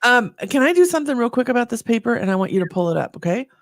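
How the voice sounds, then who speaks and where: A woman's voice: fairly high pitch, big pitch swings, racing, no echo, clean studio sound. A woman co-hosting a candid podcast conversation, talking with effusive, emotional enthusiasm. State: slightly choked up. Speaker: podcast co-host.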